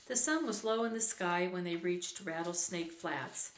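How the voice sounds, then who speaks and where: Slow-reading woman in an echoey room. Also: on the low side, slight background noise. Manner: unhurried reading with occasional self-corrections. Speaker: reader. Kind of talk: reading a children's book aloud. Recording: roomy echo.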